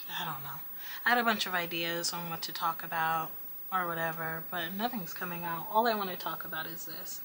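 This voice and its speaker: Bright-voiced young woman venting candidly. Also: fairly low pitch, moderate pace, a little hiss or hum, poor audio. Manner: candid, self-deprecating, frequent swearing, restless. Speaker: vlogger. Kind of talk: late-night rambling vent.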